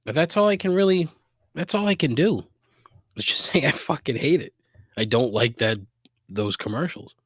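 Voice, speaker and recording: A man's voice: a little high, expressive, normal speed, pauses often, a bit bright, no echo, studio quality. A man with a Boston accent hosting a solo podcast, griping in a profane, exasperated way with sarcastic asides. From Boston area, USA. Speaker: podcast host.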